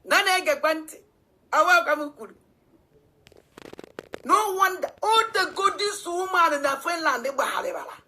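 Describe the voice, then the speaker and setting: A woman with a Nigerian accent ranting in animated commentary, switching between languages. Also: extremely high pitch, normal speed, pauses often, slight background noise. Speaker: online commentator. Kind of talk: heated commentary rant.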